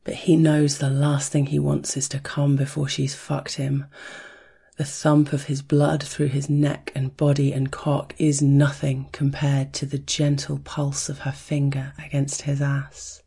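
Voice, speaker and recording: Soft breathy storyteller, slow and flat, murmurs a rhythmic beat. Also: mid-range voice. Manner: soft, hushed, rhythmic, chanting a steady heartbeat beat. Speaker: narrator. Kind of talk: slow erotic story narration.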